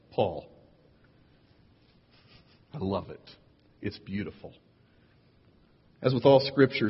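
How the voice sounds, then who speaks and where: Guy preaching with dry jokes, kinda husky, big echoey hall, muffled sound. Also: on the low side. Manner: wry, playful asides. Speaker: pastor. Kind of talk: sermon.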